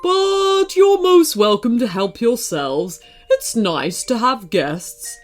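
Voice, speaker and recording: A woman voicing a grumbly but polite old raven in a children's storybook, with a slow, grumbling manner and soft music behind. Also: a little high, sing-song. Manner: grumbling, snorting. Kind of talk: storybook voice acting.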